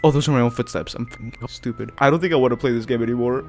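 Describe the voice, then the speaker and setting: A young man giving jumpy, excitable let's-play commentary on a horror game, swearing often and calling the viewer dude. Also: mid-range voice, racing, hardly any pauses, music in the background. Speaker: gaming video creator. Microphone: headphones and desk mic.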